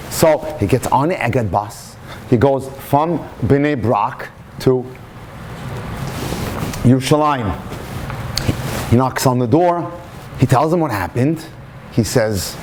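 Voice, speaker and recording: A man's voice: mid-range voice, animated, slow pace, long pauses, darkish tone, a little hiss or hum. A man who is a rabbi, telling a story in a passionate, dramatic lecture style.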